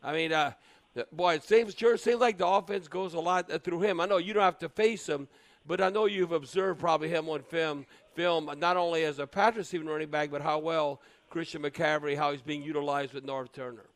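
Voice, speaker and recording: Male co-host, Cajun accent, higher-set voice, teasing sports-radio banter. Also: steady tone, a little fast. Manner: joshing, teasing. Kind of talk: casual sports radio chat.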